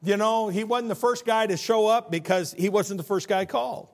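Animated guy preaching a sermon, high voice, acts out the people in the story. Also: moderate pace. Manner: animated, conversational preaching that acts out quoted figures. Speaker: pastor.

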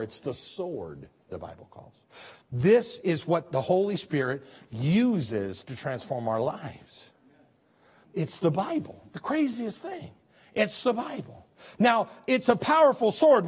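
Guy pastor preaching, kinda high voice, folksy, goes loud then real quiet. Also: slightly rough. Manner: animated preaching that swings from emphatic to soft and hushed; folksy, conversational, with chuckles and restarts. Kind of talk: sermon.

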